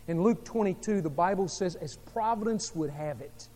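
A man preaching a sermon as pastor, telling a story dramatically, with sharp swings between soft and loud. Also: sits high, animated, normal speed. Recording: long hall reverb.

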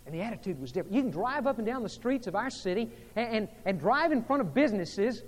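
A man preaching a sermon as pastor, moving between hushed, intimate passages and emphatic, rising delivery. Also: high voice, big pitch swings, fast talker, long reverb tail.

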